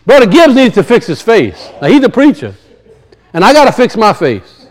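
A man preaching a sermon and telling stories, swinging from loud high peaks to low muttered asides. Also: very animated, moderate pace, poor audio. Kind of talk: sermon with storytelling.

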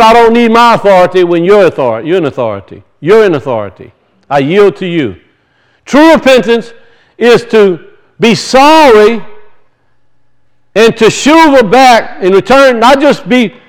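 A man's voice: high voice, clean tone, poor audio. A man preaching a sermon, teaching from scripture and emphatically asking and answering his own questions.

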